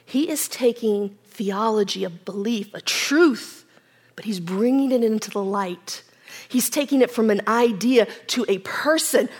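A woman preaching a sermon, retelling scripture with dramatic shifts from loud emphasis to near-whispers. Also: fairly high pitch, unhurried. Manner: dramatic, varies volume, drops to whispers.

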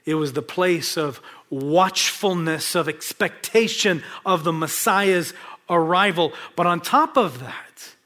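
Brief: middle-aged male preacher, slightly high voice, emphatic delivery that swings between strong stress and near-whispers. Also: slow pace. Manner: emphatic, dramatic shifts between loud stress and hushed whispers. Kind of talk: sermon.

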